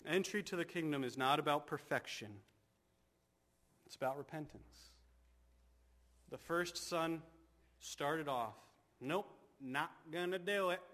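Preaching in church, this male pastor speaks in a slightly high voice. His sermon shifts between quiet, slow stretches and loud, fervent appeals.

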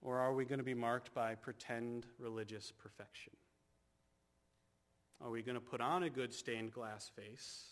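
A male pastor preaching a sermon in a church, moving from hushed, slow passages to loud, fervent calls. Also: mid-range voice, fairly even intonation.

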